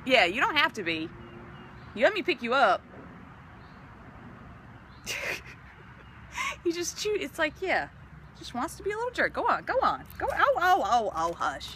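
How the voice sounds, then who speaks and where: A woman's voice: sits high, huge pitch swings, unhurried, pauses often, bright, forceful tone, slight background noise. A young woman vlogging outdoors in her backyard on a handheld phone, laughing and scolding a pet chicken between stories. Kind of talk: casual vlog chat.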